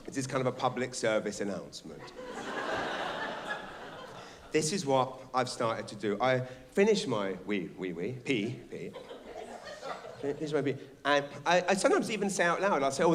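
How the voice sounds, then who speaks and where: A middle-aged man performing a rambling, animated stand-up comedy set on a theatre stage. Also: fairly high pitch, background noise. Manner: animated, shouting bits, rambling restarts. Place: theatre stage before a live audience.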